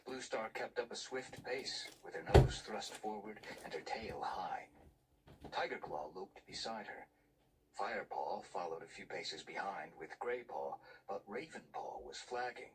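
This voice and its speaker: Low hushed male whispered storytelling. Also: animated, unhurried. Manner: hushed, breathy reading of a novel. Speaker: narrator. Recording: distant mic with loud background noise.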